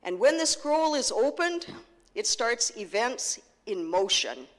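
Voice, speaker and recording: A woman pastor preaching a sermon, slow and earnest, driving points home with repetition. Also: a little high, very animated. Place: church sanctuary. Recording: long reverb of a church hall.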